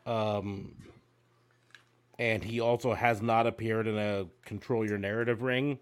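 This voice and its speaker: A man's voice: lowish voice, steady tone, unhurried, clear, resonant tone. A man chatting casually with friends, rambling and swearing as he tells stories. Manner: rambling, profane storytelling. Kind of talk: casual chat.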